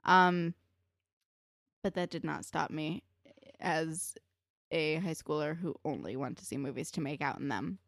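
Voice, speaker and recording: A woman's voice: deep voice, unhurried, long pauses, no echo, studio quality. A young woman from New Jersey co-hosting a podcast, recapping a show in casual chat with sarcastic, laughing asides. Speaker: podcast co-host.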